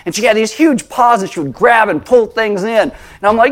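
A man preaching a sermon as pastor, telling stories with animated, acted-out voices. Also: high-pitched, fast, hardly any pauses.

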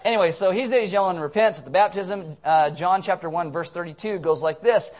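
Male pastor, conversational sermon with humor, a bit high-pitched, acts out quotes loudly. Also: fairly quick. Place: church sanctuary.

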